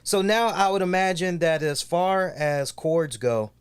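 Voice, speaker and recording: A man co-hosting a podcast who tells stories in a casual, animated way and swears constantly. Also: high-pitched, measured pace, clear, resonant tone. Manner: heavy swearing, animated storytelling. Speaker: podcast co-host. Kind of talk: casual chat.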